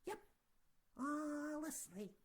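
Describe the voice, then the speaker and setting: A woman's voice: high voice, expressive, drawn-out words, noisy background. A woman telling a children's story comically, rambling with sarcastic asides.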